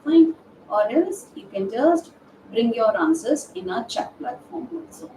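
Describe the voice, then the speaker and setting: Woman teaching a grammar webinar, higher mellow voice, asks then answers her own questions, echoey room, off mic with faint hum. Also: lively intonation, a little slow, recorded from a distance. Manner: poses questions to the class and answers them herself; hesitant, frequent "uh" fillers and restarts. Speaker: verbal aptitude trainer. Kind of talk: live webinar grammar lesson. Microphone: distant from the microphone.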